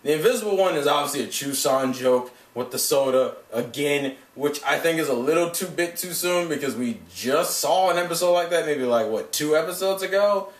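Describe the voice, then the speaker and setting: A man's voice: fairly high pitch, moderate pace, few pauses. A man giving a casual vlog review of an anime episode, rambling and swearing, often laughing at his own points. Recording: echoey room, mic at a distance.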